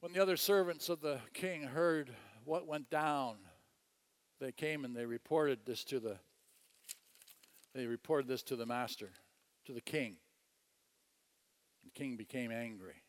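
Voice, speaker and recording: A man preaching a sermon, telling a story with animated delivery, chuckling and repeating phrases. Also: medium pitch, measured pace, long pauses, in a large hall.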